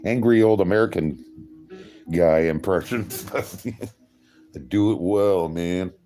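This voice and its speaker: A Californian man hosts a relaxed livestream, reading viewer comments and rambling with dry humor while laughing at himself. His voice is low and dark, and he speaks slowly over soft background music.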